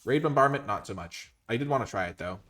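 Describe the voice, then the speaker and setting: A man commentating his own card game, switching between quiet muttered analysis and loud, mock-grandiose cheering. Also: medium pitch, expressive, quick pace. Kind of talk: gameplay commentary.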